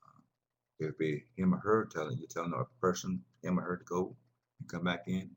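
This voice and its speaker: A man's voice: deep voice, steady tone, a little fast, slightly rough. A man teaching a language class, patiently explaining and repeating words for his students in a rambling way.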